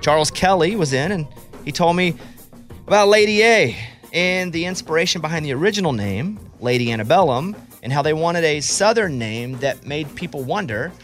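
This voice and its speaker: A man's voice: on the high side, animated, normal speed, a bit bright, faint music behind. A man hosting a podcast interview, talking in a candid, chatty way. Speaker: podcast host. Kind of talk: casual interview chat.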